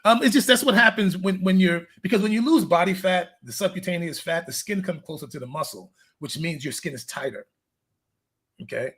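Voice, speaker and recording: A man's voice: sits high, a little fast, fairly bright tone, slightly rough. A man talking as a fitness coach in a casual interview, telling loose stories and acting out conversations. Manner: loose, storytelling, acts out conversations.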